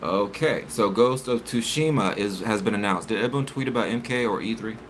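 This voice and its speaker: A man's voice: lowish voice, fairly quick, a little hiss or hum. A man hosting a casual live stream, chatting with viewers and reading articles aloud with stumbles and self-corrections.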